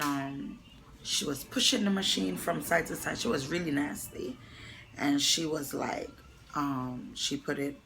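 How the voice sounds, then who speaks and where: A young adult woman telling a painful personal story to camera, close to tears, halting with many pauses and fillers. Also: sits low, vocal fry, noisy background. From New York. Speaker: vlogger.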